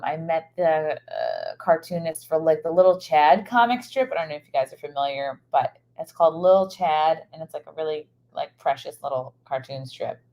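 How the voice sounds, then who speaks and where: A woman with a low, darkish voice chats casually on a live stream from a hotel room. She's a comedian, rambling and scatterbrained, packing her talk with fillers, and she's using a microphone set up for streaming.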